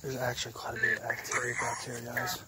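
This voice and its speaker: A man ghost-hunting on camera, excitable, swinging between hushed whispers and loud outbursts. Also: medium pitch, fast. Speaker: paranormal investigator vlogger. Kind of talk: ghost-hunting vlog commentary. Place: outdoors at night at an abandoned site. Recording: loud outdoor noise with crickets. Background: crickets and insects.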